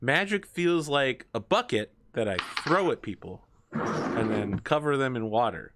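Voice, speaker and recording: A man's voice: medium pitch, animated, unhurried, noisy background, close to an everyday voice. A man voicing an eager, reckless young female magic student who speaks gleefully and bluntly. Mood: earnest.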